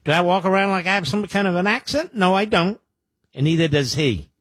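A man's voice: sits high, animated, fairly quick, fairly bright tone, slightly rough, no room sound, studio quality. A man in his sixties from the Philadelphia area, hosting a combative talk radio show with a sarcastic, mocking delivery. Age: 60s. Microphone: studio microphone.

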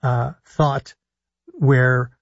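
A man, a physician hosting a call-in radio health talk show, speaking deliberately and stressing his points as he lists things one by one. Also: mid-range voice, fairly even intonation, creaky, no room sound. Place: radio studio. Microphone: studio broadcast mic. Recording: dull lo-fi radio sound.

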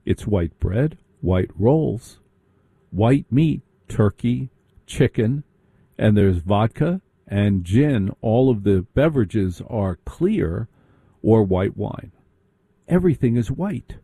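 A man telling a sarcastic, animated comic story in a stand-up style. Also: fairly low pitch, slow pace, slightly rough, no room sound, clean studio sound. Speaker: comedic storyteller.

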